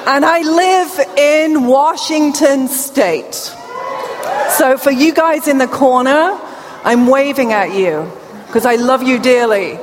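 A woman's voice: high voice, slow pace, background noise. A British woman in her forties with a deaf speech accent, giving an upbeat, chatty conference keynote to a crowd. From England. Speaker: keynote speaker. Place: large conference hall. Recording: reverberant hall from a distance.

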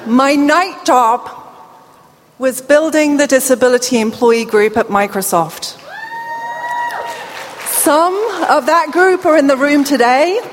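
A woman's voice: sits high, expressive, takes it slowly, pauses often, slight background noise. A middle-aged British woman with a deaf accent gives an upbeat, playful conference keynote and jokes with the crowd. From England. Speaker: keynote speaker. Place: large hall. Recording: long hall reverb.

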